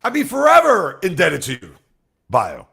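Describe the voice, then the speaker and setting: A man runs a casual sports livestream and talks straight to his chat. His voice sits a little high with a gravelly edge. He swings between loud outbursts and quiet asides. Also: huge pitch swings, moderate pace. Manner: talks straight to chat, reads out viewer comments.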